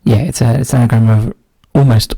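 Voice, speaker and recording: A man solving a cryptic crossword, thinking aloud in a casual way and often dropping to a quiet mutter. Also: mid-range voice, fairly even intonation, fast talker, creaky, breathy edge, dry recording. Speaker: crossword solver. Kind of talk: casual solo puzzle-solving commentary.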